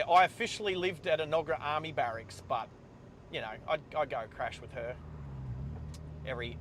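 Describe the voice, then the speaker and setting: A middle-aged Australian man with a slightly high voice tells a story from behind the wheel, stopping and restarting his sentences often. Steady car and road noise comes through clearly under his voice. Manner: halting, with frequent restarts and pauses. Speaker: host of a live driving stream. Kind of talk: casual storytelling while driving.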